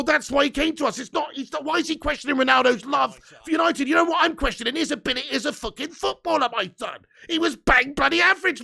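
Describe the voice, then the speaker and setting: A man's voice: very high voice, gravelly, pushed and bright. A man hosting a live football fan stream, ranting and swearing indignantly. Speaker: fan channel host.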